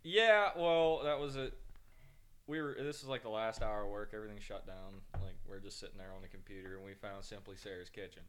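A man's voice: fairly low pitch, a little fast, fairly bright tone. A man co-hosting a podcast, telling rambling stories in casual chat, swearing freely and making mock threats. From northern United States. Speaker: podcast co-host.

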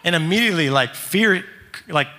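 A father telling a family story in an animated, excitable way. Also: on the high side, in a large hall. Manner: animated, excitable, fast-shifting delivery. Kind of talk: casual storytelling.

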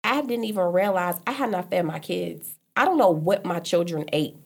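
A woman with a lowish, lively voice and vocal fry tells a personal story as a guest, speaking at a moderate pace. Her talk is earnest, loose, and casual, full of restarts and repeated "like" fillers.

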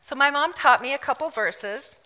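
A woman from South Africa preaching a fervent, emphatic sermon with loud bursts of declaration. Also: sits high, animated, moderate pace, long reverb tail. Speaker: pastor.

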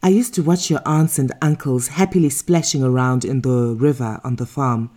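A woman's voice: a bass voice, fairly even intonation, normal speed, dark tone. A woman reading aloud as a middle-aged mother, reminiscing wryly. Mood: wistful. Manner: reminiscing, wry. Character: middle-aged mother, wistful and gently humorous.

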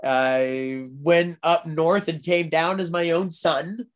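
A man's voice: a little high, steady tone, takes it slowly. A man doing a rowdy, boastful tavern drunk. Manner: rowdy, defiant, swearing.

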